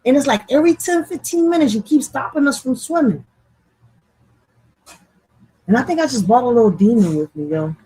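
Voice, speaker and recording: A woman hosting a casual livestream. She swears freely, laughs often and talks straight to her chat in an animated way. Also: a little high, normal speed, pauses often, slightly rough. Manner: animated, laughing, profane, addresses the chat directly. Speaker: livestream host.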